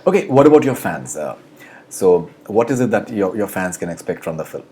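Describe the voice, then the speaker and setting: A man's voice: low-pitched, sing-song, a little fast, warm tone. A man interviewing an actor, asking questions and giving short prompts, with frequent ums and uhs.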